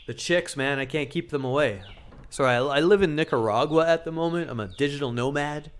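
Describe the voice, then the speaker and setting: A dating coach gives casual advice to camera, joking crudely and acting out what people say in exaggerated voices. His voice is on the high side, fairly quick, with a clean tone.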